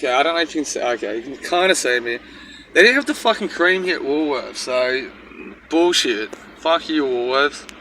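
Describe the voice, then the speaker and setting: Man, casual street vlogger, breathless, rambly, swears; bright forceful voice, faint traffic behind. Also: mid-range voice, very animated, fast. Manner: mumbled, rambling, swears freely. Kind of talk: casual vlog while walking. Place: outdoors on a street.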